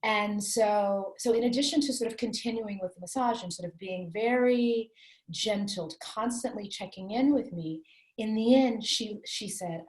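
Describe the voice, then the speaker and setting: A female author, interviewed candidly in conversation, has a medium-pitched, slightly mellow voice and a moderate pace. She tells her personal story with earnest reflection against a roomy echo.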